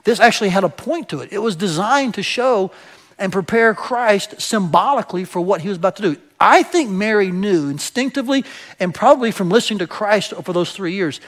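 A man's voice: high-pitched, lively intonation, fairly quick, a bit bright. A man preaching a sermon as pastor, speaking conversationally to his church and often checking in with the congregation. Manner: conversational, asks the congregation "right?"; explains with everyday examples and some hesitations.

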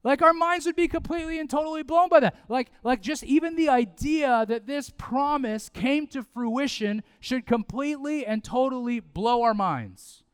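A man, preaching a sermon in a conversational, animated way with asides and repetition. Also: very high voice, moderate pace, few pauses, smooth, no echo. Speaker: pastor.

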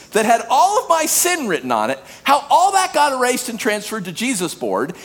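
A male preacher delivers a sermon in a high, slightly husky voice. He swings widely in pitch, acting out voices and then dropping to a hushed, low tone for emphasis. His delivery is animated and direct. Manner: animated preaching, acts out dialogue, drops to hushed low tones. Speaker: pastor.

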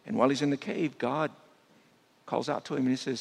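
A man preaching a sermon as a guest speaker, dropping to a hushed voice to make his points. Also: mid-range voice, fairly even intonation, fairly quick, gravelly. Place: church sanctuary. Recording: long church hall reverb.

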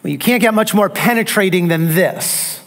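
A man's voice: sits high, normal speed, a bit bright. A man. He drives his points home by repeating key phrases and asking the congregation rhetorical questions. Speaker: pastor. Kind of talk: sermon.

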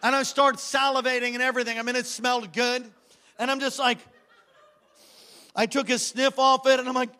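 A man, a pastor, preaching a sermon in church to a congregation, moving between rousing, shouted exhortations and hushed storytelling, and calling on the crowd to respond. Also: extremely high pitch, fairly even intonation, fairly quick. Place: church service before a congregation.

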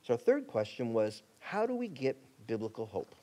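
A male pastor preaching a sermon in a conversational way, acting out quotes and shifting between excited bursts and quiet, soft passages. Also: medium pitch, normal speed. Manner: conversational preaching, acts out quotes, rising and dropping to a hush.

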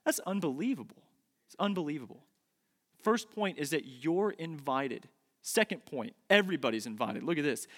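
A man in his thirties preaches from the pulpit with a high, bright, ringing voice. He leans hard on key words and repeats them slowly for emphasis. His voice trails off into the long echo of a large church sanctuary. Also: expressive. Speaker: pastor. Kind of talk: sermon. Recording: long reverb of a large hall.

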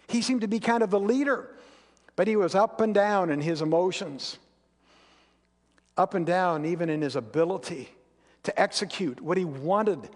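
A man preaching a sermon as pastor, earnest and storytelling, sometimes dropping to quiet intensity. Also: sits high. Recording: long reverb of a large hall.

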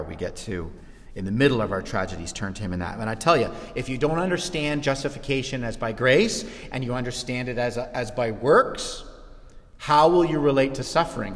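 Guy preaching a sermon, mid pitch, gets loud and animated, hall echo. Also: a little fast. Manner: animated preaching, swings from hushed to shouting. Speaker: pastor.

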